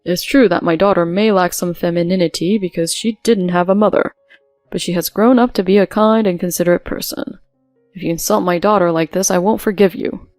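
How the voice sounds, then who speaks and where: A woman doing a raspy, protective father. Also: fairly even intonation, fairly quick, no echo, lightly acted. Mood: stern. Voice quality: low and raspy. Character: gruff, protective widowed father, a baker. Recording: dry with soft music behind.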